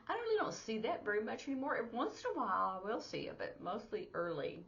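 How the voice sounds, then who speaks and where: A woman's voice: medium pitch, expressive, fast, creaky, hardly any pauses, a bit bright, muffled recording. A woman teaching sign language in a casual, chatty way, walking through each sign step by step with plenty of fillers. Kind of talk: casual instructional lesson.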